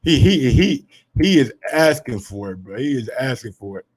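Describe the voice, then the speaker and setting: A man hosting a casual sports commentary show, brash and profane, swinging from low asides to loud heated rants. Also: sing-song, normal speed, husky.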